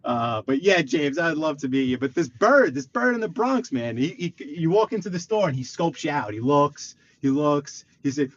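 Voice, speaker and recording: A man from Brooklyn with a New York accent, hosting a rambling, animated live stream from his parked car and talking straight to his viewers. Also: on the high side, moderate pace, few pauses, muffled recording, slight background noise. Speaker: livestream host. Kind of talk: casual live-stream chat while driving. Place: parked car on a city street.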